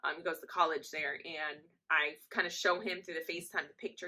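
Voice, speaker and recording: A young woman vlogger in casual storytime, telling an anecdote in a lively, chatty way. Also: sits low, fairly quick. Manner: chatty, animated storytelling that acts out quotes.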